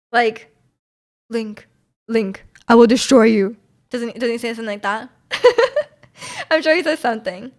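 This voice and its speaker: Answering her viewers' chat messages, a young streamer speaks in a high-pitched, somewhat bright voice. She's casual and giggly, rambling along and letting her words fade into mumbles.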